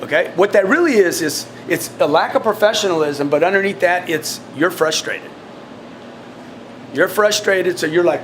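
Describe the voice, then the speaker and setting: A man coaching his sales team in a blunt, forceful way, often repeating words. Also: sits high, expressive, normal speed, slight background noise. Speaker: sales trainer.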